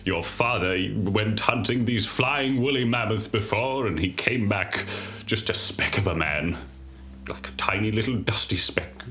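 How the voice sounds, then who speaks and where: A man voicing a stern widowed mother with a husky, masculine voice who disapproves and scolds. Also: lowish voice, a bit bright, a little hiss or hum.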